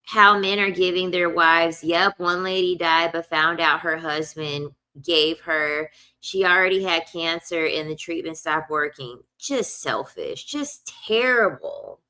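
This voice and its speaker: A woman's voice: lowish voice, flat delivery, a little slow, bright, forceful tone, smooth. A young woman telling a casual storytime rant, blunt and profane, repeating lines for emphasis. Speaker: vlogger.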